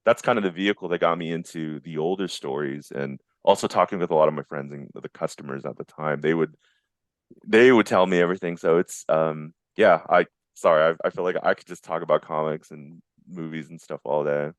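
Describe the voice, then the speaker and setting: A man's voice: very deep voice, a little fast, no room sound, studio quality. A man in his forties talking casually as an interview guest, enthusiastic and rambling, often restarting his sentences. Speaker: guest, visual effects artist.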